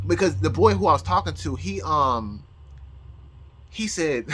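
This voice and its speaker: A man talking to his channel in a rambling personal monologue, halting and full of restarts, close to tears. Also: a little high, lively intonation, fairly bright tone, breathy edge. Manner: halting, with many repeated words and restarts. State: emotional, near tears. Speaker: astrology YouTuber.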